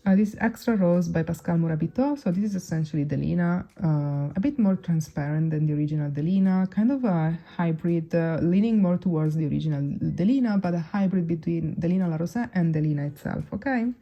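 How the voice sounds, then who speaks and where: A woman chatting through a casual perfume review, often pausing to search for words. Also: fairly low pitch, gravelly, dark tone, muffled recording. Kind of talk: casual fragrance review to camera.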